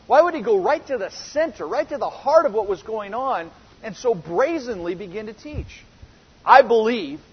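A man's voice: high-pitched, slightly rough. A man teaching a verse-by-verse Bible lesson, earnest and full of rhetorical questions, often restarting his sentences. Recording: reverberant hall, dull lo-fi sound.

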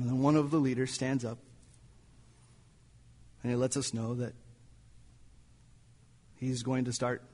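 A man's voice: mid-range voice, darkish tone, in a large hall. A male pastor preaching a sermon in a church, telling a story dramatically and sometimes dropping to near-whispers. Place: church sanctuary.

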